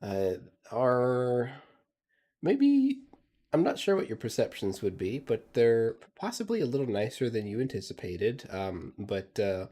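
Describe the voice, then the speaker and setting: Slow, hesitant game master man. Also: medium pitch, wildly swooping pitch, dark tone. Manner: hesitant, many ums and uhs. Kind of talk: narrating a tabletop game.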